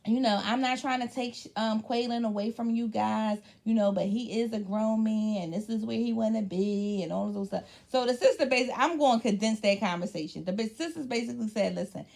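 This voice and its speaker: Profane, animated woman recapping reality TV. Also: fairly high pitch, brisk, vocal fry, few pauses. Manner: blunt, profane, animated storytelling. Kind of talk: casual recap chat.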